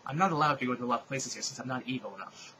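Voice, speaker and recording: A man's voice: mid-range voice, very fast, sharp tone, a little hiss or hum, close to an everyday voice, low-quality recording. A man reading the lines of a nervous young wizard in a hesitant, slightly mumbled voice. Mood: sheepish.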